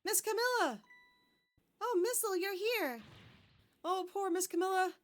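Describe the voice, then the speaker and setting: A woman voicing a small, excitable, loyal male dog, eager and yelping as she reads game dialogue. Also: very high-pitched, measured pace, voice pushed up. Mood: worried. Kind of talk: reading game dialogue aloud.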